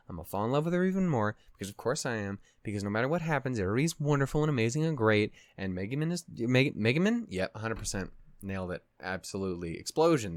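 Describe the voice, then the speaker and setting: Sitting at his desk at home, a young man reacts to an anime, rambling casually, swearing and laughing often. His voice is mid-range, and the recording is clean studio quality with no room sound.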